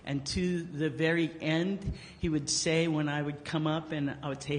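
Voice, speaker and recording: A man's voice: a little high, moderate pace. A man giving a eulogy as casual, joking storytelling, acting out the quotes he tells. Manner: joking, animated storyteller who acts out quotes. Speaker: eulogy speaker. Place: memorial service hall. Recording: long hall reverb.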